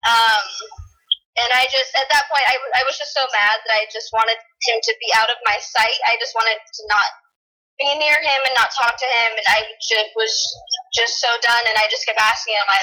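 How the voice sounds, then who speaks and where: Young adult woman, guest; high, bright, emotional storyteller. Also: steady tone, normal speed, low-quality recording. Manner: emotional storytelling, lots of fillers. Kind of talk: casual chat.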